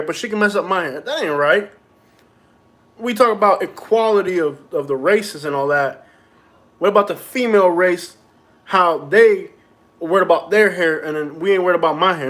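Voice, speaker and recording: A man's voice: sits high, fairly bright tone. A man live-streaming from his home on a phone, chatting casually with viewers in a joking, mock-aggrieved, complaining way. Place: at home indoors.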